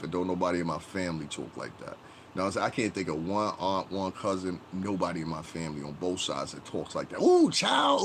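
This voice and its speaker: A man with a low, deep voice hosts a casual livestream, talking straight to his chat. His delivery is blunt and profane, and it rambles through restarts and trailing "whatever"s. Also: a little hiss or hum.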